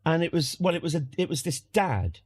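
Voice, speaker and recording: A man's voice: a little high, sing-song, fairly quick, husky, no room sound. A British man streaming from home, telling a casual story in a rambling, wry way with lots of restarts. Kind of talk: casual anecdote.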